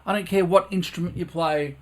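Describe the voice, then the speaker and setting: A man's voice: high-pitched, fairly even intonation, fairly quick. A man teaching a live-streamed brass lesson from his recording studio, earnest, repeating phrases over and over for emphasis.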